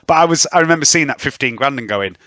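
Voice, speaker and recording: A man's voice: medium pitch, lively intonation, fast, bright, forceful tone, no room sound. A man running a tabletop game as game master, chatty and easygoing, telling anecdotes between dice rolls. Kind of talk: running a tabletop game over casual chat.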